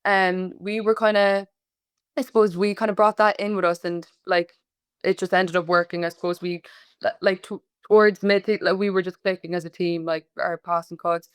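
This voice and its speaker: A woman's voice: on the low side, level tone, normal speed, smooth, dry recording, clean studio sound. A young woman in her twenties with a Cork Irish accent, chatting casually as a podcast guest, with lots of filler words. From Ireland. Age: 20s. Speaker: guest, college basketball player. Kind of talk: casual interview chat.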